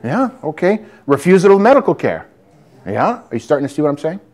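A man's voice: fairly high pitch, very animated, fairly quick, a little mellow. A man preaching defiantly to a congregation, calling listeners brother and sister. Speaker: lay preacher. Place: church hall with audience.

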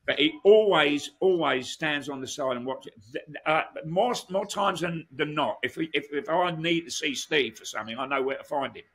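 A man's voice: fairly high pitch, normal speed, hardly any pauses, a bit bright, husky. A man, a guest musician telling rambling stories in a casual interview, full of restarts and asides.

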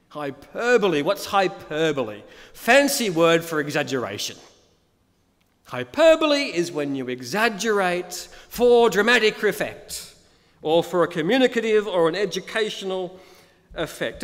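A male pastor delivers a sermon in a high, lively voice that swings widely in pitch. He speaks slowly and with emphasis, repeating key words and putting rhetorical questions to his listeners. The long reverb of a church hall trails after each phrase.

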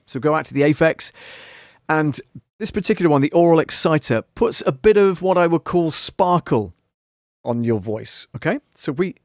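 A man talks through a casual live-stream tutorial in a chatty, self-deprecating way, often turning to the listener. His voice sits in a middle pitch. It is recorded close on a studio microphone with a dry, dead sound. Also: dry recording. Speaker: audio producer demonstrating mixer settings. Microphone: studio microphone through a mixer.

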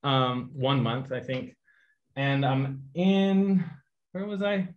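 A man's voice: medium pitch, slow pace, highs cut off. A man, a guest artist, casually telling a story to an online audience and acting out the voices in it. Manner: animated anecdote teller, acts out voices in quotes. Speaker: guest artist giving a painting demo.

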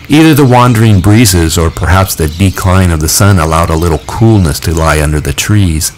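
A man narrating a novel aloud in a measured, expressive reading. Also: deep voice, a little hiss or hum, poor audio. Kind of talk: audiobook reading.

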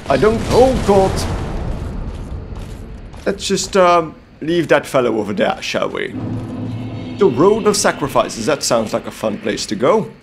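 Male gameplay commentator from Belgium; theatrical, gallant in-character banter, lively swooping pitch, unhurried delivery. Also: music in the background. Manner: theatrical, playfully gallant, comic outbursts. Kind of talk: in-character let's-play commentary.

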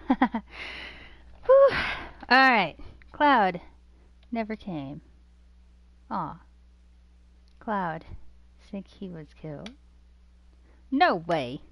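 A woman's voice: mid-range voice, huge pitch swings, very slow, pauses often, fairly bright tone, no room sound. A woman giving casual, giggly commentary while playing a game, talking to herself. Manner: giggly, chatty, talks to herself. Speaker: game streamer. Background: game music.

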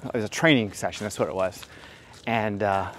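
A man's voice: lowish voice, moderate pace, fairly bright tone. A middle-aged man giving dating advice as a host, telling stories in a casual, rambling way with frank, profane asides and many fillers. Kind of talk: casual storytelling monologue.

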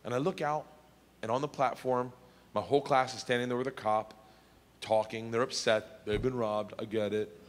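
A man doing stand-up storytelling, animated and shouting his punchlines, recorded live in a reverberant hall. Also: medium pitch, moderate pace. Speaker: stand-up comedian. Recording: live comedy hall reverb, faint noise.

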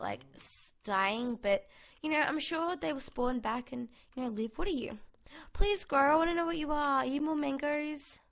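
Bubbly high-pitched Australian woman gamer. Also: creaky. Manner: bubbly, excitable, chatty. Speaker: gaming YouTuber. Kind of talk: casual gameplay commentary. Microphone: USB condenser mic on a desk.

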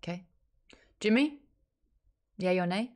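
A woman's voice: on the low side, animated, slow, darkish tone. A woman hosting a live book club stream, chatting casually, teasing and laughing often. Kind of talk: casual chat.

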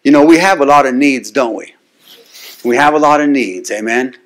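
Delivering a sermon at moderate pace in a mid-range voice, a man keeps turning to the congregation with "amen?" His lines mount into rising, insistent, repeated declarations.

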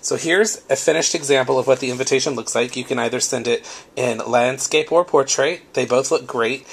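Chatty man with a gravelly voice. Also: medium pitch, brisk, a little hiss or hum. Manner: chatty, explains step by step. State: recovering from a cold. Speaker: craft video host. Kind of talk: casual tutorial.

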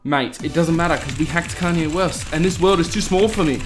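A man giving casual, jokey let's-play commentary, swearing freely and reading lines aloud in mock-dramatic bursts while typing on a loud mechanical keyboard. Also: on the high side, a little fast, over music. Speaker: gaming YouTuber. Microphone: desk mic beside a loud mechanical keyboard.

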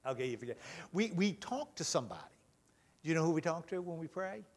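A man leading a children's talk in church, gentle and full of questions. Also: fairly high pitch, big pitch swings, fast. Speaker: pastor leading a children's message. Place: church sanctuary.

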